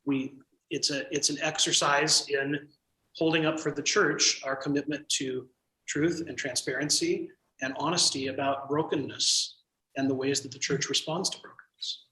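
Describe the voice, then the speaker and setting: Bright-voiced man leading a training. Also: a little high, fairly even intonation, roomy sound, poor audio. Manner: measured, thoughtful, frequent um fillers. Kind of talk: training session talk.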